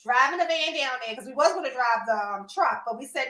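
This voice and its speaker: Woman host, high bright voice, echoey room, lively storytelling. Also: brisk. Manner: animated, laughing, addresses listeners as y'all. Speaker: podcast host. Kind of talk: casual storytelling chat.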